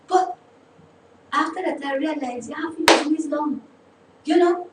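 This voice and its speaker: A woman who hosts a faith talk show, preaching with slow emphasis and rising repeated lines. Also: high voice, steady tone, reverberant, far from the mic, background noise.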